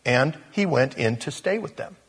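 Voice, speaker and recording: A man preaching a sermon in a conversational way, growing animated as he reads scripture aloud. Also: mid-range voice, normal speed, slightly rough, in a large hall.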